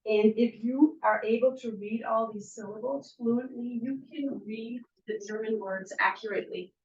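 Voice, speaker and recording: A woman teacher presenting to parents at a school workshop, who slowly sounds out syllables to demonstrate. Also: on the high side, steady tone, a little hiss or hum. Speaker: first grade teacher. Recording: muffled, distant, echoey room.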